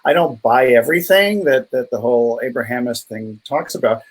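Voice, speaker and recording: A man's voice: medium pitch, brisk, husky, poor audio. A middle-aged man co-hosting a casual live health chat, easygoing and joking, reading out viewer comments. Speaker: co-host, doctor.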